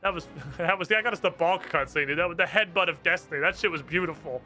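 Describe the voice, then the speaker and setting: A man's voice: on the high side, quick pace, few pauses, sharp tone, faint music behind. A man streaming a game, giving casual commentary full of heated, swearing rants.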